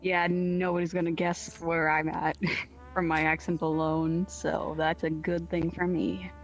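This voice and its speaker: A woman with an American accent, a guest on a stream, chatting in a relaxed way over a voice call. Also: lowish voice, measured pace, faint music behind, poor audio. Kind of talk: casual chat.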